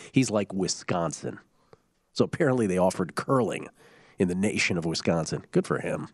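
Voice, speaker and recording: Lively joking male show host. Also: lowish voice, no room sound, clean studio sound. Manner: lively, joking, quick asides. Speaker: sports betting show host. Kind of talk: casual radio show chat.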